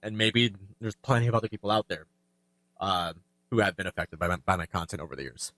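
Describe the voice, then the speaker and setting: A longtime YouTuber, a man, speaking in a reflective, halting way with many fillers and restarts as he gets emotional. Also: sits low, fairly bright tone, no echo. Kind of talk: reflective personal talk.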